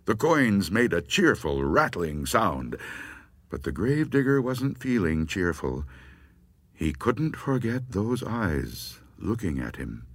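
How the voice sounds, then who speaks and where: A man narrating a ghost story with dramatic, expressive delivery. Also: low-pitched, slightly rough, no room sound. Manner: dramatic, expressive telling with rising tension.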